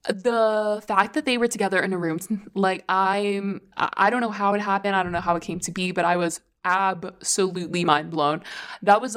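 A woman's voice: mid-range voice, fairly bright tone. A woman hosting a casual solo podcast, talking in a gushing, rambling way with lots of "like" and casual swearing. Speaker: podcast host.

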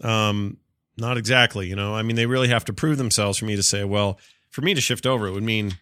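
A man's voice: lowish voice, fast talker, sharp tone, dry recording, clean studio sound. A man co-hosting a casual gaming podcast, talking at length with lots of fillers and restarts, a little stuffy from allergies. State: sneezy, coughing from allergies. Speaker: podcast co-host. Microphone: studio mic with cough switch.

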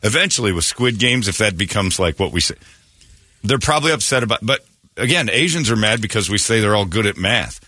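A man hosts a morning radio show in loud, jokey banter, often slipping into mock tough-guy voices. His pitch swings widely and his tone is bright and forward. The studio sound is dry and close. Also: lively intonation, fairly quick, no room sound.

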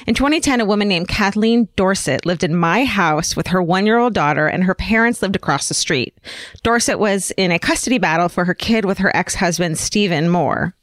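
A woman co-hosting a podcast, reading a listener's letter aloud with animated storytelling. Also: fairly low pitch, fairly quick, no echo. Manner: animated storytelling, lively delivery. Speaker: podcast co-host.

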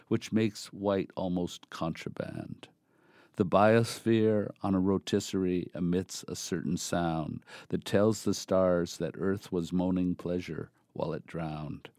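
A man reading a poem aloud in a measured, deliberate recitation. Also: low-pitched, mellow, no echo, studio quality. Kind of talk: poetry reading.

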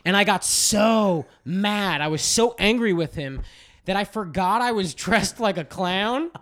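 A man's voice: high-pitched, expressive, unhurried, fairly bright tone. A man hosting a podcast, ranting in a casual, profane way about wrestling and telling stories. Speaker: podcast host.

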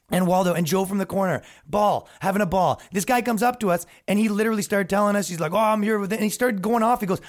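A man hosting a podcast, delivering a rambling, profane, sarcastic comedic rant. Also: high-pitched. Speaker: podcast host.

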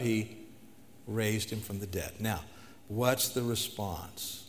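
A man's voice: fairly low pitch, takes it slowly. A man preaching a sermon, reading scripture aloud and then explaining it plainly as he urges the listeners to respond. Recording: long reverb of a large hall.

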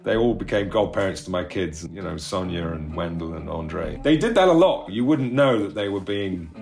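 A man's voice: low voice, expressive, moderate pace, gravelly, darkish tone, soft background music. A middle-aged man telling rambling, self-deprecating stories in a casual interview, laughing often. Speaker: actor recalling a show.

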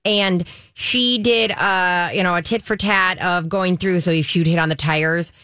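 A woman's voice: fairly low pitch, steady tone, unhurried, bright, forceful tone, smooth, no room sound. A woman, co-hosting a radio talk show and telling chatty stories. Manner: chatty, tells stories with quoted voices. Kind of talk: casual chat.

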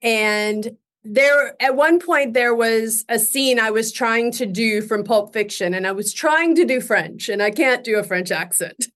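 A woman's voice: a little high, a little slow, fairly bright tone. A middle-aged woman, a guest actress in a casual interview, telling stories and laughing often.

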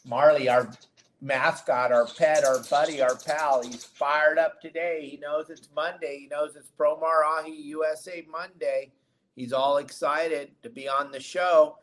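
An excitable man hosts a live fishing show, greeting his viewers with loud, chatty enthusiasm. His voice sits a little on the high side for a man. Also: measured pace. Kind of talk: casual live-stream chat.

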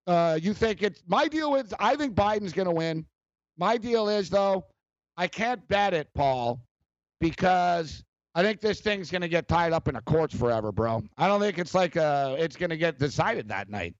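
A man hosting a sports talk show, rambling and animated, with many fillers and frequent laughs. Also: a little high, no echo, lo-fi sound. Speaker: sports radio host.

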